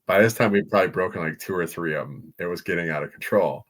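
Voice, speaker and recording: A very low-voiced man tells his story plainly and bluntly. His talk is dry and salted with crude slang, in an easygoing chat among friends. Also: fast talker, fairly bright tone. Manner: dry, blunt anecdote telling with salty slang. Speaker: podcast co-host. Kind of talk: casual chat.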